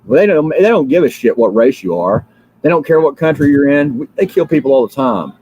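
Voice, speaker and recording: A man's voice: a little high, animated, a little fast, warm tone, husky, rough recording. A drowsy man from the United States hosting a livestream, ranting in a fiery, repetitive way with many fillers and restarts. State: drowsy, just woken up. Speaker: livestream host. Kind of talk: rambling political livestream rant.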